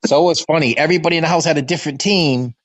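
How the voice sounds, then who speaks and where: A man in his fifties from the Boston area, hosting a fan livestream and telling stories from his childhood in a lively, animated way. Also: on the high side, very fast, a little hiss or hum. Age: 50s. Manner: animated storyteller who acts out his father's voice. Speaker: fan podcast host. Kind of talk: casual storytelling chat. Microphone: remote stream call.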